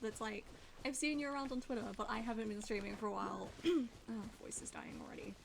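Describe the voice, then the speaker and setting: A woman's voice: fairly high pitch, fast, gravelly, slight background noise. A woman live-streaming a game, chatting casually and laughing often at herself. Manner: giggly, laughs often, self-deprecating. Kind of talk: casual live-stream chat while gaming. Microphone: desk microphone.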